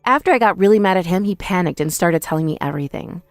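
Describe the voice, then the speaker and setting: A woman's voice: on the low side, expressive, fast talker, dry recording, clean studio sound, faint music behind. A woman narrating a dramatized first-person story in a confrontational, scolding way.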